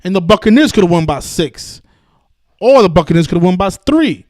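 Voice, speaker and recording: High pitched guy ranting on his live stream, swearing a lot, dry close sound. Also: expressive, a little fast, darkish tone, dry recording. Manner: combative, cursing, repetitive restarts. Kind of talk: heated live-stream rant.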